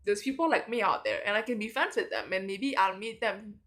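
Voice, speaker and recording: A young woman about to start university rambles in a late-night confessional vlog, sounding tired and sleepy and filling her talk with "like" and other fillers. Her medium-pitched voice is expressive, a little fast, and a bit bright.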